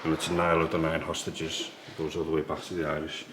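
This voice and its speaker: Man, very deep monotone voice, hushed tour-guide vlog, echoey room with noise. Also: quick pace. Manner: hushed, low-key explaining. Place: museum in an old priory, indoors.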